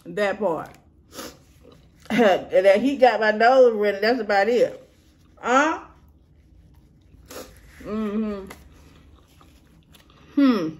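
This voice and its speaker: A woman's voice: mid-range voice, extremely slow, long pauses, a little hiss or hum. A woman chatting casually to her viewers as she tastes and reviews food, humming and muttering between bites. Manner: mutters and hums while eating. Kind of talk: casual eating and review vlog.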